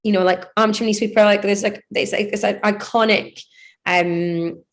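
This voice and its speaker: A woman's voice: mid-range voice, steady tone, moderate pace. A woman DJ and producer in her thirties, chatting loosely in an interview, rambling and laughing often. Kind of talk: casual interview chat.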